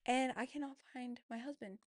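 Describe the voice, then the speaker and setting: A woman's voice: sits high, fairly quick, no echo, studio quality. A young woman in her twenties hosting a podcast, telling a personal story in a candid, emotional, casual way, with lots of "like" fillers. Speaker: podcast host.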